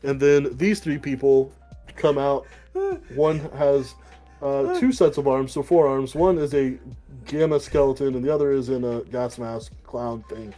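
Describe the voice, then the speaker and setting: A man's voice: medium pitch, mellow, soft background music. Rambling man recapping a comic. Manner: rambling retelling with quick put-on voices and swearing. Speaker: podcast co-host. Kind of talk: casual comic book chat.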